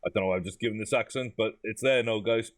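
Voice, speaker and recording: A man giving a casual first-look commentary on a game, chatty and amused, thinking out loud. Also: fairly low pitch, fast, no echo. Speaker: gaming YouTuber.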